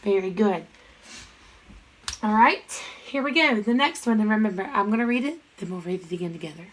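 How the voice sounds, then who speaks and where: A woman teaching a grammar lesson, chanting sentence parts in quick questions and answers and speaking to students directly. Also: medium pitch, lively intonation, poor audio. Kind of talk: recorded classroom lesson.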